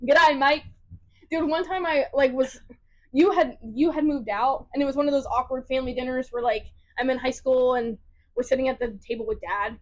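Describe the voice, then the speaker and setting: A young woman with a high voice chats casually on a podcast. She tells her stories in an animated way and laughs often. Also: brisk. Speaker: podcast co-host. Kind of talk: casual chat.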